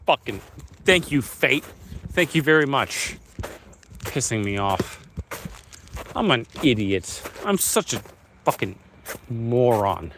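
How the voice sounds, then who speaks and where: A man's voice: mid-range voice, fairly bright tone, a little hiss or hum. A man vlogging while walking outdoors, ranting at himself in a stream of swearing. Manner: swearing, self-berating rant. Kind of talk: walking vlog monologue. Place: outdoors along city streets.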